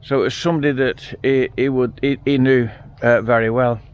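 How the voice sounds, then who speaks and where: A man's voice: mid-range voice, fairly even intonation, moderate pace, smooth. A middle-aged man, chatting casually to camera outdoors by a farm field. He tells his story bluntly, with frequent restarts. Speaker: vlogger.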